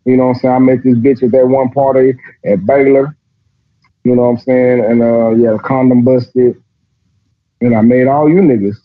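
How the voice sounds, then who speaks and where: God as a crude, regretful deadbeat father , as a man puts him on, drawling low and mocking in a profane way. The sound is dull and lo-fi. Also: steady tone, normal speed, close to an everyday voice.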